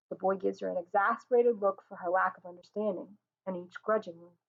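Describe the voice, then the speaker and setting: A woman reading a stage play aloud, giving the stage directions in an even, matter-of-fact way. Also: mid-range voice, fairly quick, vocal fry, few pauses. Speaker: reader. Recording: tinny phone-like sound.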